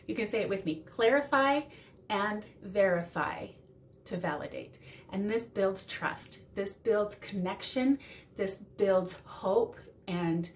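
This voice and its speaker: A woman's voice: mid-range voice, darkish tone, a little hiss or hum. Earnest woman coaching on relationships. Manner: earnest, repeats words for emphasis. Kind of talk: direct-to-camera advice talk.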